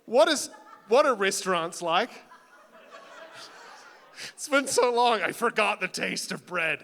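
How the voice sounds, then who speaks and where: Bright, high New Zealand man hosting on stage. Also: expressive, unhurried, vocal fry. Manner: dry, self-mocking jokes, teasing the audience. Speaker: talent show host. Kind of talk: stand-up crowd work hosting. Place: college auditorium stage. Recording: reverberant hall on a PA mic.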